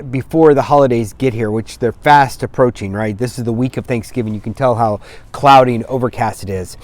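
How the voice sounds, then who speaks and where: A man's voice: mid-range voice, a little mellow. A man coaching viewers on staying sober, talking bluntly and emphatically and swearing for emphasis. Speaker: sobriety coach. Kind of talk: direct-to-camera motivational talk. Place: outdoors on a cloudy day.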